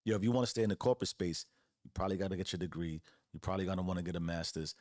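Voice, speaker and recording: Racing along in a low, darkish voice, a man in his forties preaches as host of an earnest motivational monologue, leaning on casual slang and repetition. The close podcast mic gives clean studio sound with no echo.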